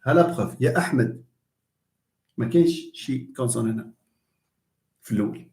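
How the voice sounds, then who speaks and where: In a roomy-sounding recording, a man with a Moroccan accent runs an online lecture at a rapid-fire clip, his pitch medium. He's animated, hops between English, French and Arabic, and answers the questions he asks himself.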